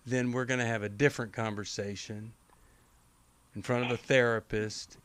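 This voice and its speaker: A man with a mid-range voice hosts a call-in show from a dry, close-miked studio. He speaks calmly and deliberately, walking a caller through his advice step by step. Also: mid-range voice, no echo. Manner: calm, measured and coaching, with slow deliberate phrasing. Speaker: radio show host.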